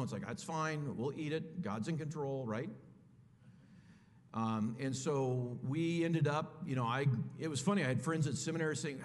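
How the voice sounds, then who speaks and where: Middle-aged guy preaching, chatty storytelling, mid-pitch voice, big reverby hall. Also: slight background noise. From California. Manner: conversational, addresses listeners as folks. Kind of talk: sermon storytelling. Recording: echoey hall.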